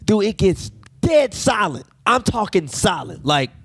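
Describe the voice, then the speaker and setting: A man co-hosting a podcast, telling a profane, animated story and acting out the people in it. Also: high voice, unhurried, creaky, slightly rough, no echo. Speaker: podcast co-host. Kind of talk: casual storytelling chat.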